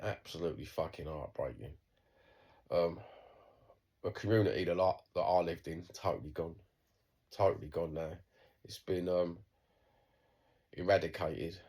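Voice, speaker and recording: Husky, low-voiced Cockney man. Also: moderate pace, long pauses, darkish tone. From East London, England. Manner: blunt, sweary, rambling with restarts. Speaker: vlogger. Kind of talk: unscripted video diary monologue.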